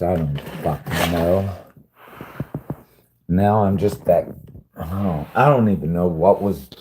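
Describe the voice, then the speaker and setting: A man talks slowly on a live stream in a low, mellow voice. He rambles and sighs, swears freely and keeps circling back, confused and aggrieved. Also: slight background noise, low-quality recording. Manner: rambling, sighing, heavy swearing; bewildered, aggrieved. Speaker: livestreamer.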